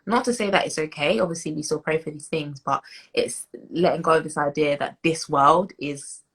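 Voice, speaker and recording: A young British woman in her twenties speaks as an interview guest, her voice low and a little husky. She talks thoughtfully and loosely, circling back with fillers and restarts. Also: normal speed, fairly bright tone, poor audio. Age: 20s. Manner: reflective, many fillers and restarts, laughs as she tells stories. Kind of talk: interview conversation.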